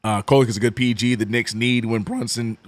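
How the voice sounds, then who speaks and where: New Orleans man, hoarse fan play-by-play. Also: brisk, dry recording. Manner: swings from excited calls to low, mumbled chat with viewers. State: voice cracking. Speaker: streamer doing fan play-by-play. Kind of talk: watch-along play-by-play and chat.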